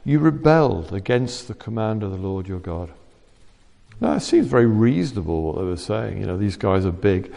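Gravelly-voiced man preaching in an echoing hall. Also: fairly low pitch, moderate pace. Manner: animated, conversational, with wry asides. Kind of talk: sermon. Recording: long reverb of a church hall.

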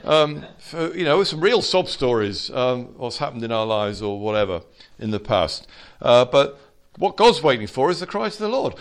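A man preaching an informal sermon to a small fellowship, swinging from quiet asides to loud exhortation. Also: mid-range voice, very animated, normal speed, few pauses.

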